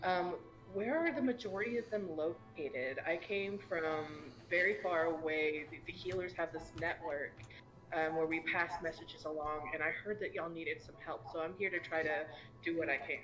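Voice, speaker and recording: A woman's voice: low voice, normal speed, fairly bright tone, faint music behind, low-quality recording. A woman voicing a bubbly, cheerful young female healer in a tabletop game, chirpy and giggly.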